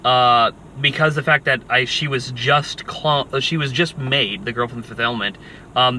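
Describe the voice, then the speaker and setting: A man's voice: mid-range voice, bright, forceful tone, a little hiss or hum, poor audio. A man co-hosting a podcast in a car, rambling wryly through a movie review with many restarts. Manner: rambling, restarts, wry and mocking. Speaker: podcast co-host. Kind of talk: casual movie review chat. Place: inside a car.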